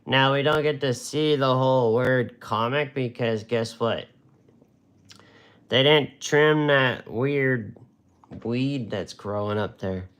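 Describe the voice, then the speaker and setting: In a relaxed live-streamed watercolor class, a man talks while he draws, joking and wandering off on tangents. He speaks slowly in a mid-range voice that's clean and a bit bright.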